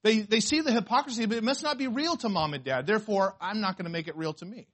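Preaching fast in a high voice, this pastor delivers an emphatic sermon packed with rhetorical questions. He moves between hushed asides and loud proclamations.

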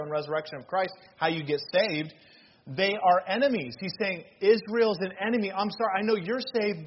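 High-voiced animated preacher man. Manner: animated preaching with questions to the congregation. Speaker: pastor. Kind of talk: sermon. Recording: slightly dull recording with faint noise.

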